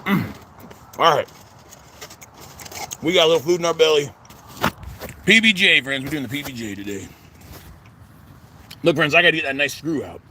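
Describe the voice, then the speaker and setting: A man's voice: on the high side, expressive, normal speed, long pauses, pushed and bright, slight background noise. A middle-aged man, vlogging outdoors in a rambling, stammering way and calling his viewers "friends" again and again. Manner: repeats 'friends' constantly, stammering restarts. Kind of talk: rambling personal vlog. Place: outdoors at a cemetery.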